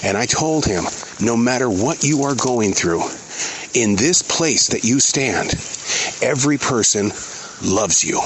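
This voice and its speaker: A man's voice: mid-range voice, lively intonation, a little hiss or hum, rough recording. Earnest middle-aged man musing outdoors. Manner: earnest, halting, searching. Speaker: podcast host. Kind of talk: reflective spoken monologue. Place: outdoors in a forest.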